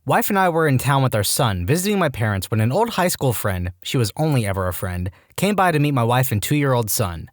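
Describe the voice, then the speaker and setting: A man reading reddit stories aloud with animated delivery and wry asides. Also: medium pitch, fairly quick, few pauses, no room sound. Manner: animated, jumps into quoted voices with wry asides. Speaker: storytime narrator.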